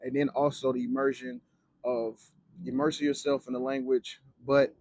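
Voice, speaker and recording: Living in Mexico, a young Spanish teacher and vlogger gives casual on-camera tips for learning Spanish, loose and slangy with lots of fillers and swearing. His medium-pitched voice is flat, a little mellow and at normal speed, with no echo.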